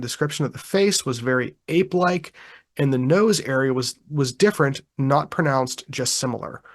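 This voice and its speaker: A man co-hosting a podcast in casual chat, reading a witness account aloud in a relaxed, chuckling way with frequent ums and restarts. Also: fairly high pitch. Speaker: podcast co-host.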